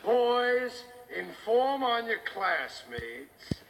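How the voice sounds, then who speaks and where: An actor playing a blind, bitter retired army colonel from a film clip, gravelly, building from a low growl to a roar. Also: male voice, very animated, drawn-out words, a bit bright, exaggerated voice, rough recording. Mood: scornful. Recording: film clip with faint background noise.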